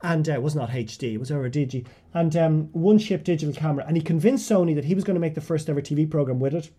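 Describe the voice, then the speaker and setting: A man with an Irish accent spins an animated, self-deprecating story as a podcast guest, tripping over and restarting his phrases. His pitch sits a touch high for a man, and his tone is warm and mellow rather than bright. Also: fast talker, slightly rough. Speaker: guest writer.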